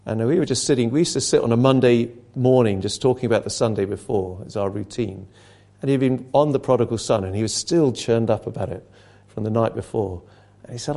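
Earnest man preaching, mellow tone. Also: mid-range voice, a little fast, creaky. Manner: earnest, with frequent restarts and dropping to a hush. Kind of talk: sermon.

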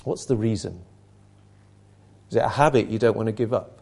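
A man's voice: on the low side, moderate pace, vocal fry, darkish tone. A man preaching an impassioned sermon, asking rhetorical questions and repeating phrases for emphasis.

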